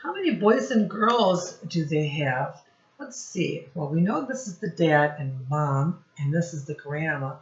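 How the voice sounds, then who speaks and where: In a lo-fi recording from an echoey room, a woman with a low, expressive voice reads a picture book to little kids at a slightly slow pace. Sing-song and teacherly, she performs the sound words, poses questions and offers praise.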